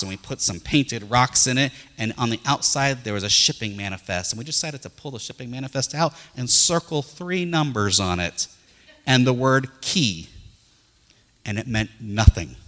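A middle-aged male pastor preaching a folksy, animated sermon full of personal stories. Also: medium pitch, moderate pace, in a large hall.

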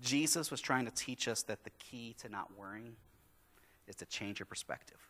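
A pastor preaching a sermon, telling a story about his kids and acting out their lines in lively storytelling. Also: mid-range voice, moderate pace. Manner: animated storytelling, acting out his kids' voices. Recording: long hall reverb.

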